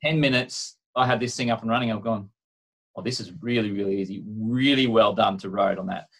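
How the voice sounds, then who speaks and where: A man's voice: lowish voice, a little fast, husky. A man with an Australian accent, co-hosting a tech podcast in a rambling, joking, conversational way. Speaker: podcast co-host. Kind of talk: casual chat.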